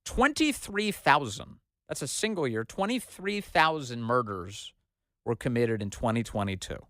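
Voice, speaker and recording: A man's voice: mid-range voice, lively intonation, measured pace, pushed and bright, no room sound, clean studio sound. A man hosting a talk radio show, delivering an emphatic, sarcastic opinion monologue.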